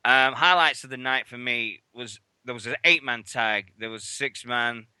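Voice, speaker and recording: A man's voice: medium pitch, normal speed, pushed and bright, smooth, no echo. A man hosting a radio show, telling stories in casual, sweary chat and acting out what others said. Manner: chatty, sweary, acts out others' lines.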